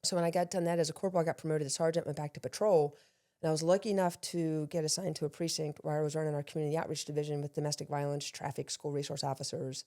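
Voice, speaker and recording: A middle-aged woman from Maryland speaks as an interview guest. Her voice sits low and mellow, and she tells her career stories in a lively, self-deprecating way. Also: racing. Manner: lively, self-deprecating storyteller who acts out quotes. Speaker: guest, actor and law enforcement veteran. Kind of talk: casual storytelling interview.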